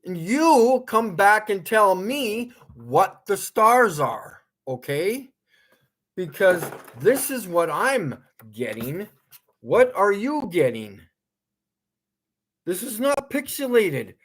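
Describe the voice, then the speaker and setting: A man's voice: high-pitched, very animated, takes it slowly, fairly bright tone. A man ranting to his viewers in an angry, profane monologue, lecturing them and breaking into laughter at himself. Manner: lecturing, repeats commands. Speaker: vlogger.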